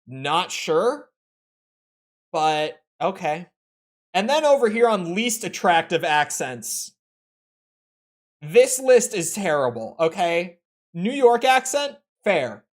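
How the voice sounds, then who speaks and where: A man's voice: high voice, slow, long pauses. A young man with an American Midwestern accent chatting casually on a live game stream, opinionated and rambling. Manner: opinionated, animated, rambling with restarts.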